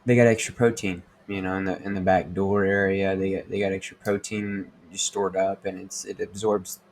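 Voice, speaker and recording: A man's voice: sits low, flat delivery, normal speed. Rambling, profane young man podcasting. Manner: rambling, profane, full of fillers. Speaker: podcast host. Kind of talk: casual crude monologue.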